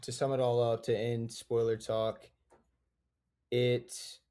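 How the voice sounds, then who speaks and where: A man with a mid-range voice and a notably flat, level intonation lays out a movie's story on a podcast. He explains steadily, circling back to restate his points. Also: mid-range voice, slow, clear, resonant tone. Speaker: podcast co-host. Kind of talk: casual film discussion.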